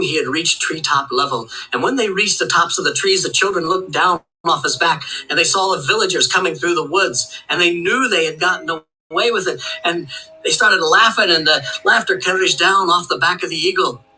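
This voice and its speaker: A man telling a folk tale aloud, with a steady rhythm that links each line with "and". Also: on the high side, normal speed, a little hiss or hum, low-quality recording. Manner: rhythmic, with long chains of "and". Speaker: storyteller.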